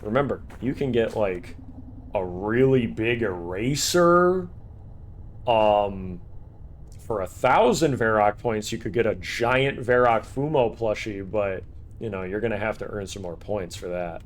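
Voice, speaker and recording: A man's voice: fairly low pitch, unhurried, slight background noise. A man streaming a horror game, joking casually and reading in-game text aloud as he plays. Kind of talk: casual let's-play commentary. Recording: game music behind voice.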